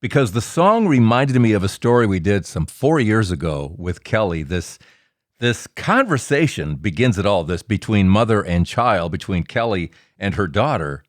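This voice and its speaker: A man's voice: fairly low pitch, very animated, moderate pace, no echo, clean studio sound. A man hosting a podcast, introducing the episode in a playful, teasing way. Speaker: podcast host.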